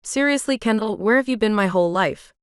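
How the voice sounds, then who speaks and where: A woman's voice: mid-range voice, expressive, a little fast, clean tone, no echo, studio quality, lightly acted. Woman voicing a teasing young college guy. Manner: teasing, affectionate.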